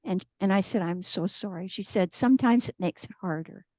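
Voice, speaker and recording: A woman's voice: medium pitch, fairly quick, mellow, no room sound. A woman giving a conversational sermon at a church service, telling stories and acting out the voices of the people she quotes. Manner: storytelling, acts out quoted voices. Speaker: guest speaker.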